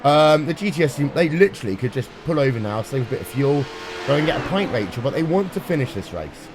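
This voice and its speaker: A man calling a sim race live, brisk and playful, with dry jokes. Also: on the high side, big pitch swings, background noise. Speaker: sim racing commentator. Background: music playing underneath.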